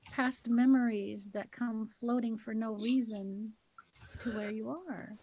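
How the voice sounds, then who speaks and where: Higher-pitched woman telling stories emphatically. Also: darkish tone, a little hiss or hum, low-quality recording. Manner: storytelling, emphatic, repeats key words. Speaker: co-host. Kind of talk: casual heart-to-heart chat.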